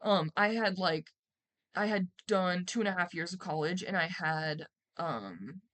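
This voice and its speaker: A young woman streamer telling a personal story in a rambling, animated way, swearing and acting out quotes loudly. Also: fairly low pitch, a little slow. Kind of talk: casual storytime.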